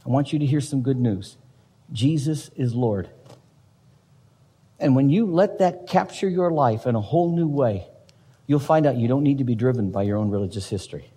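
A man's voice: mid-range voice, big pitch swings, normal speed, dark tone, husky. Emphatic male pastor preaching in a hall. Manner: emphatic preaching with rhetorical questions. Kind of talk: sermon.

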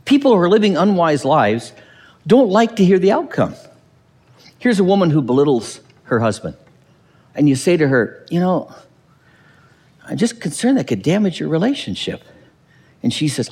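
A man preaching a sermon as pastor, animated and acting out quotes with dry humor. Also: a little high, moderate pace, long pauses, long reverb tail.

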